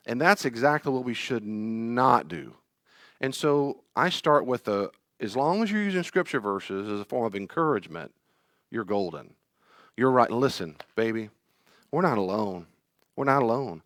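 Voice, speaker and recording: Man, Bible study teacher, rambling, self-deprecating, mid-pitched, dry close sound. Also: expressive, normal speed, fairly bright tone, no room sound. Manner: rambling, self-deprecating, acts out inner dialogues in a raised voice. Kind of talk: classroom teaching talk.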